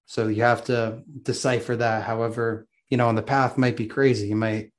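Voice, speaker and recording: A man's voice: medium pitch, level tone, moderate pace. A man hosting a podcast, speaking in a reflective, musing way. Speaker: podcast host. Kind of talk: casual podcast conversation.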